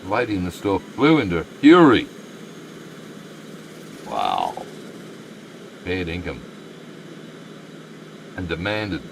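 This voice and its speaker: A man's voice: low-pitched, very animated, slow pace, gravelly, pauses often, a little hiss or hum, low-quality recording. An Australian man live-streaming a game, chatting with viewers and muttering asides to the game. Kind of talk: live stream commentary, reading chat.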